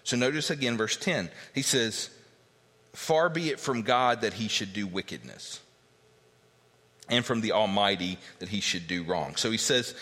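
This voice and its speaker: A pastor teaching a verse-by-verse sermon, emphatic and repetitive, reading scripture aloud. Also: male voice, mid-range voice, sharp tone. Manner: emphatic teaching, repeats key points, reads scripture aloud. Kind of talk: expository sermon. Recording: long reverb of a large hall.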